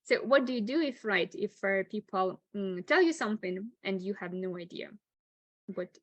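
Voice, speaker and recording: A woman's voice: mid-range voice, animated, moderate pace, no room sound, dull audio. A woman English teacher giving a chatty online webinar lecture, often laughing and saying "like".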